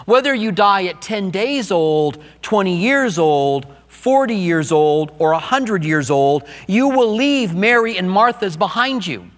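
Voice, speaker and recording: Middle-aged male pastor, slightly high voice, earnest personal sermon, reverberant church hall. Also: lively intonation, measured pace, few pauses.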